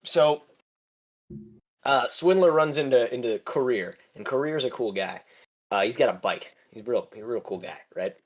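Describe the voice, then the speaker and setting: A man's voice: medium pitch, expressive, moderate pace. A young man rambles through a casual podcast chat, full of fillers and restarts. He swears freely and keeps a loose, offhand delivery. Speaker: podcast co-host.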